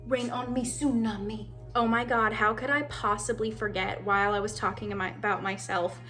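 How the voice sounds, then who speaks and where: A bubbly woman in her late twenties with a slightly high voice talks through her makeup routine in a loose, rambling way, full of "like" and "um". Soft music plays faintly behind her. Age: late 20s. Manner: chatty and bubbly, rambling asides with frequent fillers. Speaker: beauty vlogger. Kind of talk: casual get-ready-with-me chat.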